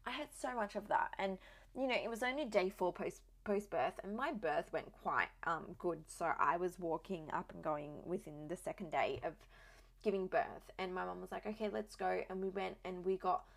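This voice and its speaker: A young woman who has just become a mother tells her own story, chatting candidly and dropping "like" again and again. Her voice is lowish and creaky, moving at a moderate pace.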